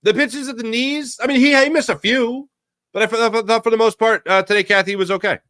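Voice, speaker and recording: A man's voice: very high-pitched, a little fast, dry recording, clean studio sound. A man hosting a postgame baseball show, talking casually and emphatically with his live chat. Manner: animated, emphatic, repeats himself for effect. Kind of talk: casual sports talk, reading live chat.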